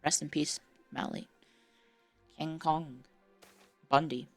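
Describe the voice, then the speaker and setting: A woman's voice: deep voice, steady tone, takes it slowly, soft background music. A woman streamer giving casual, chatty commentary while playing a strategy game, muttering to herself and swearing now and then.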